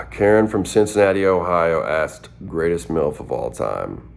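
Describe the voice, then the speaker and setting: A man from southern Minnesota in his twenties chats casually through a fan Q&A. His voice sits extremely low with a gravelly fry. He talks in a relaxed, playful drawl. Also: slow pace. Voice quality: very deep, gravelly voice. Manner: laid-back, drawling and playful. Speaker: rapper answering fan questions. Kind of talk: casual chat.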